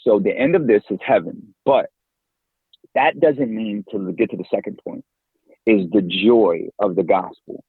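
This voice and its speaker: Man in his forties, podcast guest, lively and slangy, husky voice, tinny phone-like line, dry sound. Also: lowish voice, measured pace, no echo. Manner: lively, slangy, laughs often. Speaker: podcast guest, campus minister and evangelist. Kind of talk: casual interview talk.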